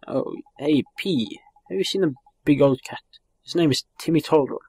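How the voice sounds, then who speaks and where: A man's voice: on the high side, moderate pace, darkish tone, breathy edge. A man reading the lines of a polite, earnest young boy hero. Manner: earnest, questioning.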